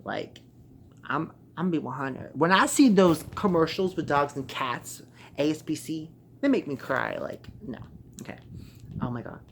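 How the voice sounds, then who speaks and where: A young man reading a creepy internet horror story aloud, casual, with sweary excited asides and stumbling restarts. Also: fairly high pitch, moderate pace, creaky, a little hiss or hum. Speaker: story narrator.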